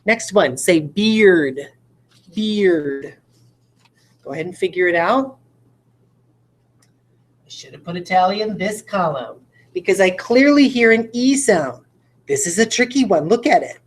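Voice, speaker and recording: In a medium-pitched, animated voice and at a measured pace, this teacher, an adult parent, gives a recorded video lesson. She walks through every step patiently, pausing to pose questions to her audience.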